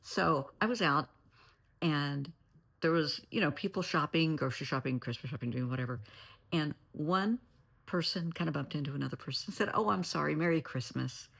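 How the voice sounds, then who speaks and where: An older woman, a therapist, talking in a casual vlog from her lakeside home in a blunt, opinionated way, with a gravelly voice. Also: sits low, moderate pace, fairly bright tone. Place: lakeside home, indoors, early morning.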